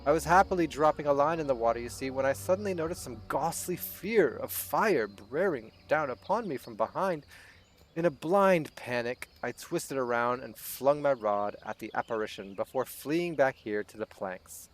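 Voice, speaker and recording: A man's voice: medium pitch, lively intonation, normal speed, slight background noise, natural voice. A man reading aloud the lines of a fearful woman fisher in a video game, in a lightly raised voice. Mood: fretful. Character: fearful woman fisher who fled a ghost.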